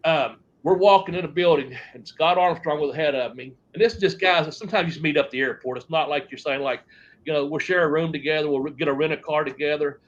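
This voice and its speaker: Speaking fast at a fairly high pitch, with the highs cut off, a man who used to wrestle tells stories during a long shoot interview. He rambles and swears, often trailing off and restarting.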